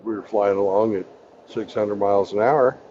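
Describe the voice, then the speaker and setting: A man chatting loosely and full of profanity, his voice at a middling pitch. The sound is dull and lo-fi, with a faint hiss of ambience behind it. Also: fairly even intonation, moderate pace, warm tone. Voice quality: coarse, profane, joking. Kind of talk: casual chat on a live stream.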